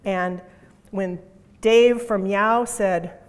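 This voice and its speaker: Woman, middle-aged, keynote speaker, punchy and emphatic, mid-pitched voice, long hall reverb. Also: steady tone, drawn-out words, clean tone. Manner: emphatic, punchy, repeats key phrases. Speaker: conference speaker. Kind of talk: conference keynote talk. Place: conference hall.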